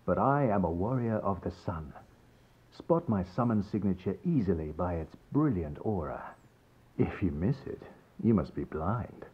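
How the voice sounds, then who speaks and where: A man's voice: sits low, lively intonation, moderate pace, breathy edge, lo-fi sound. An actor playing a courteous, earnest male knight who serves the sun, speaking in a formal manner in a video game. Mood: genial, earnest. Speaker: game character.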